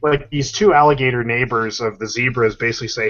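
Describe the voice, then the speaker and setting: A man's voice: mid-range voice, fast talker, few pauses, a bit bright. A man chatting on a podcast, animatedly retelling comic strips and acting out the characters' lines. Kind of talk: casual chat. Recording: dull lo-fi podcast recording.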